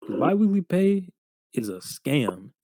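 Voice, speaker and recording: A young man in his twenties, co-hosting a podcast, telling job stories in a casual, profane, animated way full of slang. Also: a little high, a little slow, no echo. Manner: slangy, profane, animated retelling with lots of "bro". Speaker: podcast co-host. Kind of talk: casual storytelling chat.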